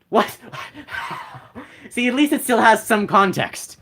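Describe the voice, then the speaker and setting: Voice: medium pitch, expressive, slow pace, long pauses, a bit bright. Streamer rambling at chat, voice jumps up and down a lot, keeps restarting sentences. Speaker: game streamer. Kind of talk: casual live-stream chat.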